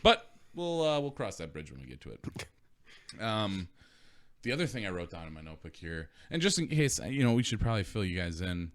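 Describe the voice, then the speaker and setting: Man hosting a casual podcast, lively up-and-down voice, keeps cracking up, swears a lot. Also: low-pitched, normal speed. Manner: laughs often, swears freely, loose and rambling. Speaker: podcast co-host. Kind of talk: casual chat.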